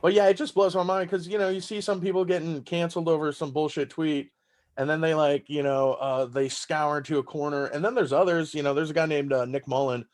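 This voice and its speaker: A man's voice: a little high, steady tone, a little fast, a little mellow. A man from Texas with a Southern accent, a stand-up comedian chatting loosely on a podcast, swearing and laughing as he tells stories. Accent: Southern American. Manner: loose, profane, laughing storyteller. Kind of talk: casual podcast chat.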